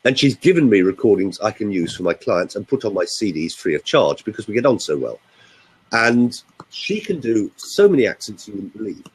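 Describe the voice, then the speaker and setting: Animated older man, husky voice. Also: on the low side, fairly quick, low-quality recording. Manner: chatty, animated storyteller. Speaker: voice coach. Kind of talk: casual webinar chat.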